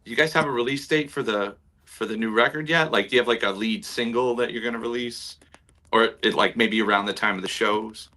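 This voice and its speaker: A man with a fairly low but bright, forward voice hosts a casual online show. He reads out comments from viewers and puts questions to his guest over a video call. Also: a little fast. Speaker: show host. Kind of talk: casual chat.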